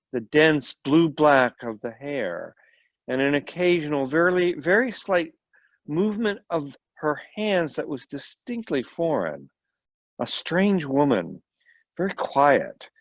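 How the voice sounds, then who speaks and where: A man's voice: a little high, no echo. Male volunteer reader, story reading, small slips, dry close sound, muffled audio. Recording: dull lo-fi recording.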